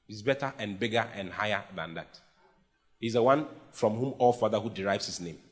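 A man's voice: on the low side, a little fast. A man with a Ghanaian English accent, preaching a sermon with emphatic bursts and playful mimicry of his listeners. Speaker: pastor.

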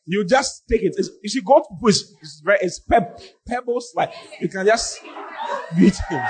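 A man preaching a sermon as pastor, often mimicking his congregants in an animated way. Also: high-pitched, moderate pace, long pauses, crowd noise.

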